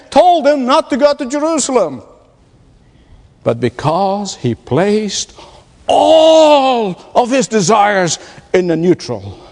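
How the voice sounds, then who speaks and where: A man preaching a sermon, emphatic and dramatic, slowing down to stress his points. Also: very high voice, darkish tone. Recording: long hall reverb.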